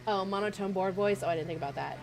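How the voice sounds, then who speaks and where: A woman's voice: medium pitch, fast talker, creaky. A woman streamer chatting casually with her viewers, giggly and self-mocking. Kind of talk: casual game-stream chat. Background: game music.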